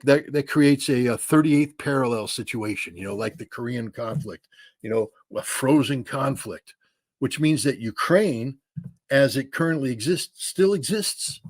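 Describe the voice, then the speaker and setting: A man's voice: medium pitch, a little mellow, no room sound. A man giving blunt, opinionated commentary as an interview guest, emphatic and repetitive, dropping casual slang. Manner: blunt, emphatic, repeats words, says dude.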